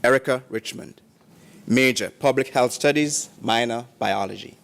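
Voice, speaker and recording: Male ceremony announcer, mid-range voice, measured formal reading of graduate tributes. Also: mid-range voice, gravelly, fairly bright tone.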